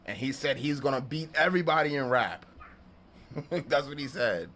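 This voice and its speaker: A beatmaker and studio vlogger tells a story in a casual vlog, laughing often, acting out people's lines, and swearing plenty. His voice is mid-range at a normal speed, with a little hiss or hum in the recording.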